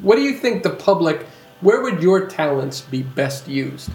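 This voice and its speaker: Podcast host, lively voice, teasing questions, roomy echo, faint music. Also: mid-range voice, a little slow. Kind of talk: casual chat.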